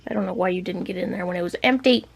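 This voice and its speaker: A woman's voice: lowish voice, racing, gravelly, slightly rough. A woman vlogger chatting playfully to her pet parrot in teasing baby-talk, laughing often.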